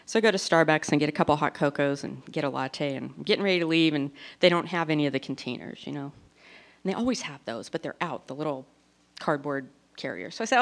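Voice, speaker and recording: A woman in her forties works through a stand-up set, poking fun at herself. Her voice sits a little low for a woman, and she tells her stories with animated, punchy delivery. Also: fast talker, vocal fry. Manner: self-deprecating, animated storytelling. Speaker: stand-up comic. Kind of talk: stand-up comedy routine.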